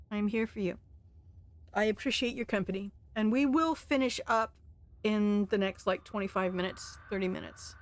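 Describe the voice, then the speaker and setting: A woman's voice: fairly high pitch, dry recording. A woman from Delaware streaming a story game live, reading aloud in a playful, chatty way and swearing freely. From Delaware, USA.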